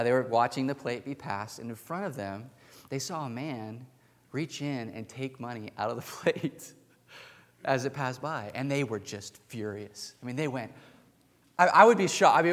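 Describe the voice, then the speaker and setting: A male pastor preaching a conversational sermon in a church, telling a story with restarts and chuckles. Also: mid-range voice. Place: church sanctuary with pews. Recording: long hall reverb in a church.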